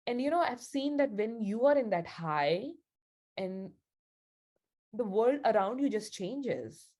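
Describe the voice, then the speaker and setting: A woman's voice: fairly high pitch, lively intonation, slow, warm tone. Woman, session leader, chatty, casual storytelling, laughs often.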